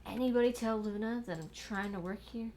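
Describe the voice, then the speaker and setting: Her voice is mid-range and dark, fairly quick, with a little hiss or hum in the recording. The young woman is casually livestreaming a building game from her desk at home, muttering to herself and scolding her cat in exasperated asides.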